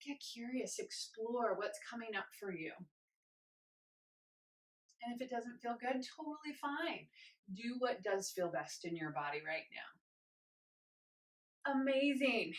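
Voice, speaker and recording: A young woman leading a guided movement class, encouraging and gentle, a little out of breath as she moves. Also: fairly high pitch, animated, a little slow, long pauses. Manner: encouraging, gentle, invites choices. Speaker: movement instructor. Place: home room with carpet.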